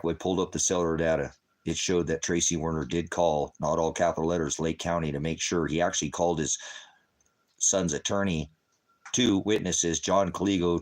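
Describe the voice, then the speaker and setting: A middle-aged man ranting angrily on a livestream as a father, cursing heavily and swinging from shouting to quiet. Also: low voice. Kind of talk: angry livestream rant.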